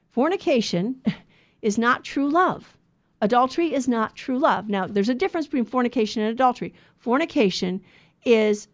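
A woman hosting a Bible study show, teaching in an earnest, exhorting sermon style with motherly asides. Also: fairly high pitch.

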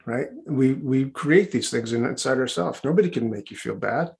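A man's voice: mid-range voice, animated, moderate pace, gravelly, a little mellow. A man working as a hypnotherapist, answering interview questions in a chatty, rambling way with many restarts and asides, over a video call.

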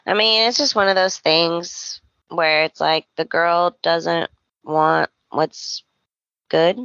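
A woman co-hosting a casual podcast, talking slowly and fillers her speech with "like" as she reacts to a soap opera. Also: lowish voice, steady tone, fairly bright tone, clean tone, no room sound, muffled recording. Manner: slow, drawn-out, heavy use of "like". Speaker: podcast co-host.

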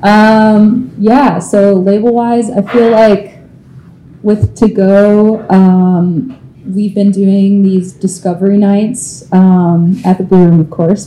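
A woman's voice: medium pitch, dark tone, slight background noise, rough recording. A woman from a record label, talking hesitantly with many ums on a live panel at a bar. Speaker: record label booker, guest.

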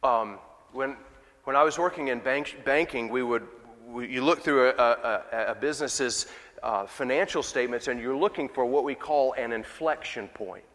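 A man's voice: mid-range voice, normal speed, a bit bright, big-room sound. A man preaching a sermon in a church, talking conversationally and asking the congregation rhetorical questions. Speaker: pastor. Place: church sanctuary.

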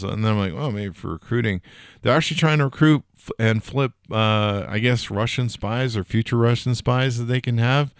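A man's voice: lowish voice, fairly even intonation, moderate pace, clear, resonant tone, no room sound, clean studio sound. A middle-aged man hosting a podcast, chatting casually about tech news with rambling, jokey asides and lots of fillers. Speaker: podcast host.

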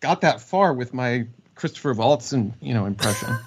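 A man's voice: mid-range voice, lively intonation, normal speed, a little hiss or hum. A man, a voice actor, chatting as a guest in a casual interview. He rambles and corrects himself, with plenty of fillers. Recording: dull lo-fi audio.

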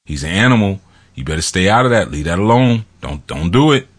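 A man's voice: low-pitched, big pitch swings, brisk. A man doing a blunt, worried old boxing trainer. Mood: warning.

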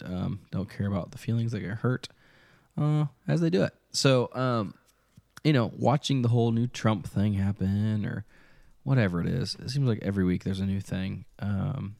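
A Midwestern man co-hosts a podcast, rambling through casual chat with plenty of ums and hesitations. His voice sits on the low side with vocal fry and a darkish tone. The recording is studio quality with no echo.

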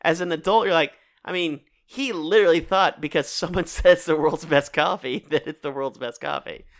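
Chatty man with a smooth voice. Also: fairly high pitch, normal speed, no room sound, clean studio sound. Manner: animated, laughing, chatty. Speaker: podcast co-host. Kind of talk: casual chat.

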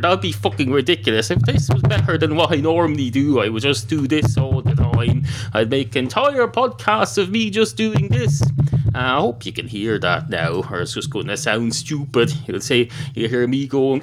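A man's voice: mid-range voice, very animated, moderate pace, very noisy. An Irish man hosting a solo comedy podcast, rambling and interrupting himself, with the odd swear word. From Ireland. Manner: rambling, self-interrupting, profane. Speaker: podcast host.

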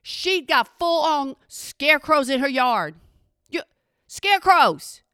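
A woman with a drawl delivers a comedic rant, exasperated and emphatic. Her voice sits high and sounds bright and sharp. The recording is dry and close, with no room sound. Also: expressive, slow, dry recording. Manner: exasperated, sassy, emphatic, addresses viewers as y'all. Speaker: vlogger. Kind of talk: comedic ranting monologue.

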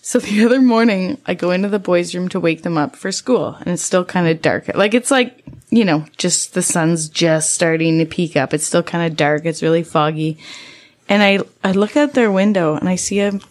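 A woman's voice: on the low side, normal speed. A woman hosting a podcast, chatting casually and retelling a scary story with lots of swearing. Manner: swears freely, animated retelling. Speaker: podcast host; mother.

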